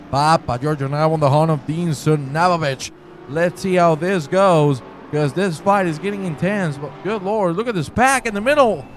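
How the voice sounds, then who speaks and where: A man calls an online race, his voice sitting notably high and jumping into excited exclamations whenever cars tangle. He chats with viewers between the action. A faint hiss runs under the recording. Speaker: sim racing commentator. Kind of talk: live race commentary.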